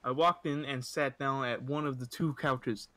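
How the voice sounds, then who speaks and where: A man's voice: medium pitch, fairly even intonation, moderate pace, pushed and bright, no room sound. A young man hosting a comedy podcast, reading stories aloud in a casual, joking way. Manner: reads aloud with acted voices, joking.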